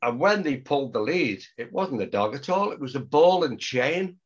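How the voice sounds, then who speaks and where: An older man recounts a story in a relaxed, chatty way, switching into the voices of the people he quotes. He talks at a middling pitch, and the recording sounds muffled and lo-fi. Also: moderate pace, husky. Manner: animated, acts out quotes, laughs often. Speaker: storyteller guest. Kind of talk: casual anecdote telling.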